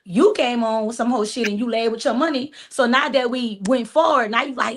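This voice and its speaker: A woman's voice: a little high, a little fast, hardly any pauses. A woman in her forties cohosting a live podcast, talking bluntly and profanely in casual chat. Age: 40s. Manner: blunt, profane, storytelling with acted-out quotes.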